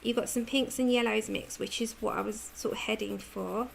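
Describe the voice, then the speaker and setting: A woman's voice: a little high, fairly even intonation, normal speed, gravelly, a little hiss or hum. A British woman hosting a livestream, chatting casually while she colours, laughing often and answering viewer comments. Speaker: livestream host.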